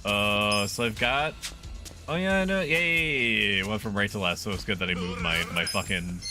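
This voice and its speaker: A man's voice: on the low side, normal speed, bright, forceful tone, soft background music. A man casually commenting on a game stream, swearing freely and reading game text aloud in a jokey way.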